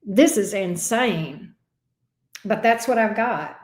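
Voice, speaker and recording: Woman tarot reader, unhurried live-stream host, roomy echo. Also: medium pitch, lively intonation. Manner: chatty, repeats questions while shuffling.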